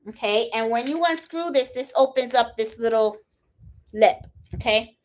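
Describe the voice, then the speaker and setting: Brief: woman crafting host, Puerto Rican accent, slightly high voice, chatty hands-on demo style, keeps checking "okay?", laughs off fumbles. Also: normal speed. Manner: chatty, repeats "okay?" and "hold on"; laughs at her own fumbles while working. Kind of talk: casual live tutorial demo.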